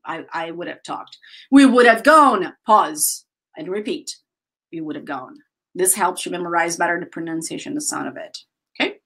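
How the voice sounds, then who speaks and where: A woman teaching English grammar, drilling phrases slowly and chatting with her students. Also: on the low side, vocal fry, fairly bright tone, husky. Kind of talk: live online English lesson.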